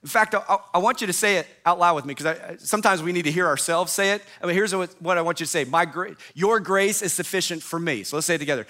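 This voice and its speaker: A male pastor delivering a sermon, emphatic and repetitive, often letting his phrases fall away softly at the end. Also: sits high, racing, hardly any pauses. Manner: emphatic, repetitive preaching with falling phrase endings.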